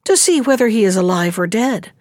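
A woman's voice: mid-range voice, animated, fairly quick, darkish tone, no echo, studio quality, lightly acted. A woman voicing a brave, loyal young man in a fairy-tale reading, speaking in an earnest, urgent way.

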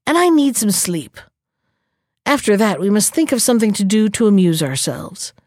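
A woman's voice: medium pitch, very animated, moderate pace, darkish tone, dry recording, clean studio sound. A woman voicing a sly, cunning male jackal in a storybook reading, talking politely while he schemes. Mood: urgent.

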